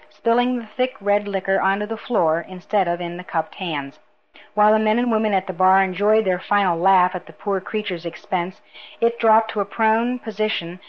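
A woman reading a novel aloud in a measured, even narration. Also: medium pitch, lo-fi sound. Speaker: audiobook narrator. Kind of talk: scripted narration.

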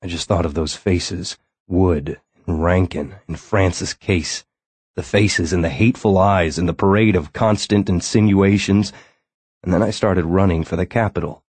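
A man reading first-person fiction as an audiobook narrator, steady and brooding. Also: deep voice, normal speed, breathy edge, dry recording.

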